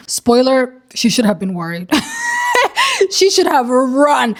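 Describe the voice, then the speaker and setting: A young woman casually retelling a story in slangy, animated commentary, swearing and laughing as she goes. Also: high voice, takes it slowly, pauses often. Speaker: commentary creator.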